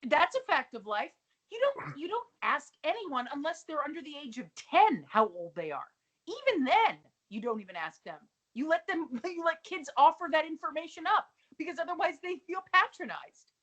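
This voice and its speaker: A woman's voice: sits high, very animated, moderate pace, fairly bright tone, dull audio. A woman co-hosting a podcast, chatting casually and sardonically about a sitcom episode, swearing freely. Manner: sardonic, swears, acts out quotes. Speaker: podcast co-host.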